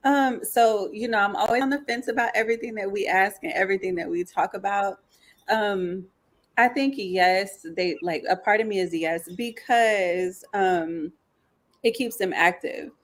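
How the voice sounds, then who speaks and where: A woman's voice: medium pitch, normal speed. A woman co-hosting a sports talk show, a parent who weighs both sides and hedges with many fillers. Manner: thoughtful, hedging, many fillers. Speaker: podcast co-host. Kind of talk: casual chat.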